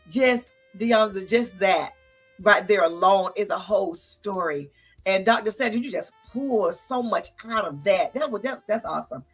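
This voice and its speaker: Emotional, exclaiming talk show hostess. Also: female voice, medium pitch, moderate pace, slightly rough, faint music behind. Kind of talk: casual talk show hosting.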